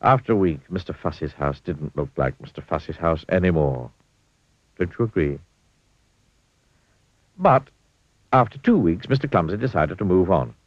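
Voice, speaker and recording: Low-voiced man reading a children's storybook. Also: moderate pace, pauses often, dry recording, muffled recording. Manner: expressive, playful storytelling. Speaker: storybook reader.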